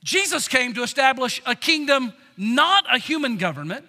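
A male pastor preaching a sermon with dynamic delivery, swinging between loud emphasis and hushed tones, often restarting words. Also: very high-pitched, sing-song, normal speed, long reverb tail.

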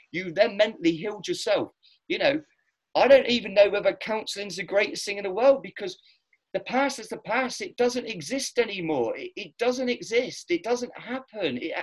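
A middle-aged man, chatting casually as host, blunt and animated, swearing freely as he tells stories. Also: sits high. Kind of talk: casual chat.

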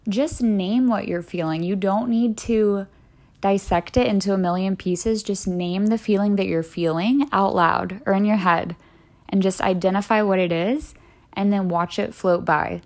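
A woman hosts a solo wellness podcast, speaking earnestly and encouragingly in a chatty style packed with casual "like"s. Her voice is medium-pitched, a little slow and a little mellow.

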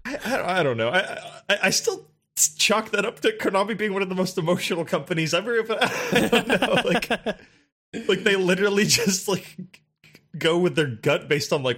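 A man's voice: high voice, animated, moderate pace, fairly bright tone. A man joking around in a casual chat, laughing often. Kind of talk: casual chat about video games.

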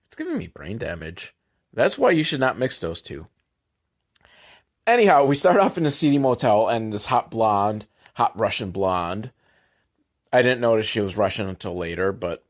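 A man hosting a podcast, recapping a movie in a rambling, comedic way with sarcastic asides that sometimes drop to a low mutter. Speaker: podcast host.

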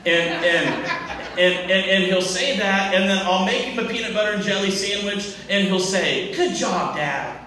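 A male pastor preaching a sermon in a church, speaking deliberately in short phrases, often repeating and restarting words. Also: sits high, little pitch movement, a crowd in the background. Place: church sanctuary. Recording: echoey church from far off.

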